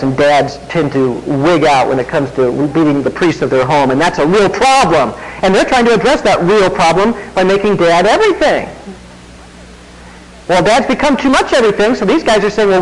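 A man's voice: high voice, lively intonation, moderate pace, rough recording. A man preaching a sermon in a conversational way, with wry asides to the congregation. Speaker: pastor.

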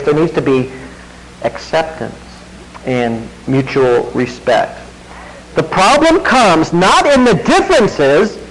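Recorded roughly, a high-pitched male pastor preaches a sermon conversationally, tossing wry asides to the congregation.

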